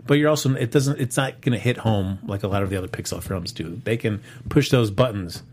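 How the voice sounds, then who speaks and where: A man's voice: fairly low pitch, fairly quick, darkish tone, slight background noise. A man hosting a casual live-streamed movie podcast, chatty, with many fillers and restarts. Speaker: podcast host.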